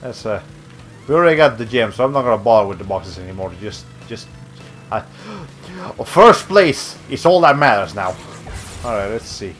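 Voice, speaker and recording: A young man chatting casually as he livestreams a racing game, his voice lively and animated as it rises and falls. He rambles, trips over his words and stops himself mid-thought, with faint game music in the background. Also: on the low side, normal speed. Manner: rambling, self-interrupting, with many fillers. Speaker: streamer. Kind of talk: casual gameplay commentary.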